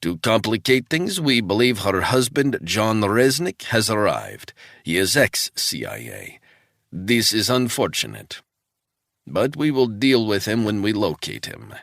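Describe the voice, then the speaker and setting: Man doing a Russian handler, gruff smoker's voice, gravelly, cold threatening orders, audiobook. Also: on the low side, sing-song, measured pace, a bit bright, no room sound, clean studio sound, pitched above the performer's own voice, heavily acted. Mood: menacing.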